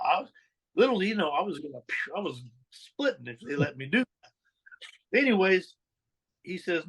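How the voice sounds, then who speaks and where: A man's voice: high-pitched, very animated, moderate pace, long pauses, a bit bright, husky, low-quality recording. A middle-aged man, a guest on a podcast, telling his life story candidly in blunt street slang and acting out the voices of the people in it. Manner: street slang, swears, acts out quoted dialogue.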